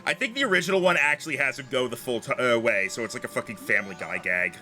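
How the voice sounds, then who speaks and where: Animated bright-voiced young man streamer. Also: medium pitch, fast talker. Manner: animated, joking, swears freely. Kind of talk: casual gameplay commentary.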